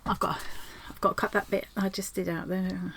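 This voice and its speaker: Whispering, a woman speaks in a mid-range, slightly bright voice at normal speed with little pitch movement. In her home craft vlog she opens post and chats casually, rambling effusively and often starting her sentences over.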